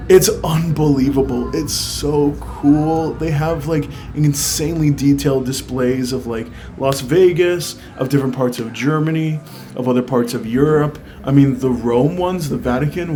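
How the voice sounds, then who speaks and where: Warm in tone, medium-pitched, and moderately paced, an American travel vlogger chats to viewers in a review set over faint guitar music. Enthusiastic and chatty, he peppers his talk with "like" and "I mean" and gives them direct recommendations.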